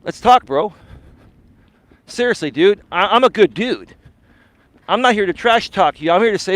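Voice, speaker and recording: High-voiced confrontational male coach. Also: animated, moderate pace, long pauses, fairly bright tone, no echo. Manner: confrontational, repeatedly calls the listener bro and sir. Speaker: dating and life coach. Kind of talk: live-stream rant.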